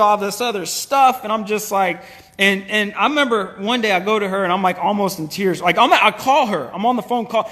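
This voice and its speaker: An animated man tells his story in a casual way, often restarting and acting out old conversations. His voice sits high for a man, and a long reverb trails behind him in the room. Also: fairly quick. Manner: animated, restarts and acts out past dialogue. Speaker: small business owner telling his faith story.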